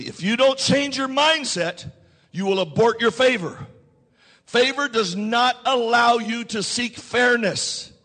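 High-pitched, bright-toned preaching man. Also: in a large hall. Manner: call-and-response preaching, repeats lines, rises to shouts. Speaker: pastor. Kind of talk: sermon.

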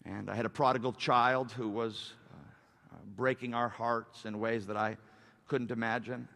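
A man, a pastor, preaching a sermon, swinging between loud fervent surges and soft, confessional stretches. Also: medium pitch, fairly even intonation, normal speed, vocal fry. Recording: reverberant hall.

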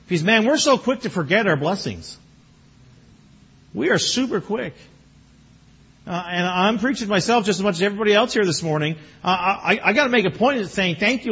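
Male pastor, middle-aged, high husky voice, animated sermon delivery, dull lo-fi recording. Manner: animated, bursts into excited exclamations. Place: church sanctuary. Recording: muffled lo-fi recording.

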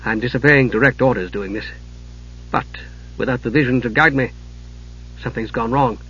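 A man voicing a stern, grim male knight sub-commander who barks orders and turns low and tense in private, on a dull lo-fi recording. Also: moderate pace, pushed and bright, slightly rough. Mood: low, grave.

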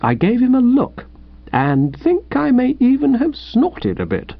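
A man reading a first-person comic story aloud in a wry, lively storytelling manner. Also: very high-pitched, a little slow, creaky, no echo, lo-fi sound. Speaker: audiobook narrator.

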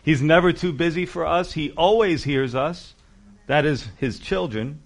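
A male pastor preaches with animated, emphatic energy and breaks into casual asides. His voice sits a touch higher than most men's. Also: a little slow, vocal fry. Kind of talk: sermon.

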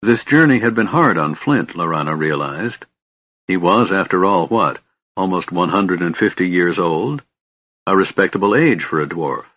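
Male fantasy narrator, measured and steady, husky low voice, dry lo-fi sound. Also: no room sound. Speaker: audiobook narrator.

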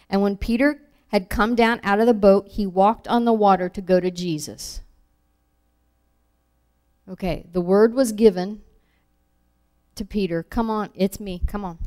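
A woman teaching a Bible lesson, reading verses aloud and acting out the quoted lines with animated emphasis. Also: medium pitch. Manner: animated, acts out scripture quotes.

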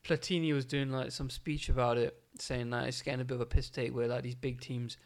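A young man in relaxed conversation, speaking bluntly with plenty of slang and casual swearing. His voice is an everyday mid-pitched male voice. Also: a little fast. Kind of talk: casual chat.

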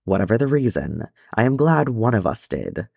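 A man reading the part of a ghostly male dwarf king who is gruff but tender, speaking softly. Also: lowish voice, sing-song, moderate pace, dry recording, studio quality, heavily acted. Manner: soft, tender.

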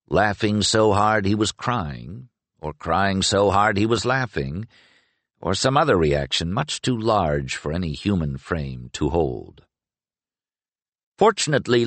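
A man narrating an audiobook with a measured, expressive reading. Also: low voice, no echo. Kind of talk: scripted narration.

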